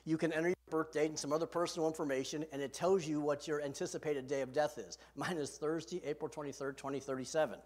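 A man's voice: on the high side, steady tone, fast talker, hardly any pauses, a little mellow. A man preaching a sermon as pastor from a podium, earnest and emphatic, asking his listeners direct questions. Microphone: podium microphone.

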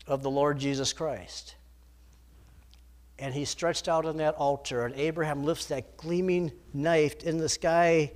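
A man preaching a sermon in a dramatic, emphatic manner, swinging between loud declarations and hushed storytelling. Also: on the high side.

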